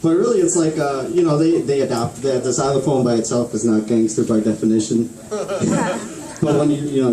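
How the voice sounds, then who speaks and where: A man's voice: medium pitch, mellow. Rambling young man doing stand-up. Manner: rambling, profane, laughs at own jokes. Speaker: stand-up comedian. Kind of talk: open-mic stand-up set. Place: small bar open mic. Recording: echoey room, far mic, crowd laughter. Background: audience laughing.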